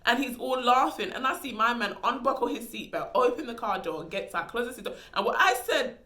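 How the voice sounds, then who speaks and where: A woman's voice: fairly high pitch, expressive, a little fast, bright, forceful tone. A young woman vlogger telling a story in a casual, dramatic, slangy way. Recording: echoey room.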